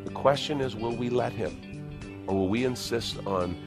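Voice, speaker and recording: A middle-aged man, a pastor, preaching a conversational sermon, going from loud emphatic bursts down to hushed, quiet asides. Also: mid-range voice, a little slow, music in the background.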